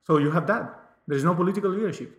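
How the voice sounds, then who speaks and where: A man, a guest talking casually in an interview and stopping often to search for words. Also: high voice. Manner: halting, searching for words with many fillers. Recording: roomy echo.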